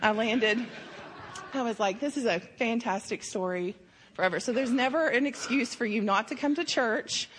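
A woman's voice: on the high side, normal speed, slight background noise. A woman sharing a church mission trip testimony in a casual, emotional way, with lots of fillers. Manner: emotional, filler-heavy storytelling.

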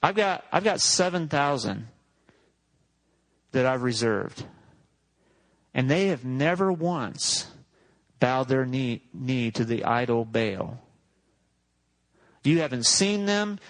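A man's voice: fairly high pitch, fairly bright tone, poor audio. A man voicing God as a laid-back figure who talks in breezy, slangy, casual speech during a sermon.

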